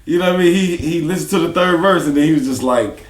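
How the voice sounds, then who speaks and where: A man with a voice pitched a little above the usual, recorded in a room with noticeable echo. He tells his stories as a guest rapper in a loose, animated way, laughing often as he talks. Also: fast talker. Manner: animated, laughing storyteller who acts out other people's lines. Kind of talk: casual storytelling interview.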